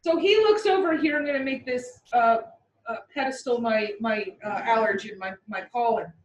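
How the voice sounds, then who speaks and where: A woman teaching a class in a playful way, with vivid comparisons and quick mock voices, recorded from across the room. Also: a little high, far from the mic, highs cut off. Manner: playful, uses military metaphors and mock voices. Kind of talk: classroom lecture. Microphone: far from the mic. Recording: echoey classroom recorded from afar.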